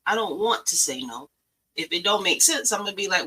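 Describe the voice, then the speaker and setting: A woman's voice: medium pitch, lively intonation, fairly quick, pushed and bright, a little hiss or hum, rough recording. A middle-aged woman, hosting a talk show and giving blunt, profane, emphatic advice. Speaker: podcast host. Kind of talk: preachy motivational talk.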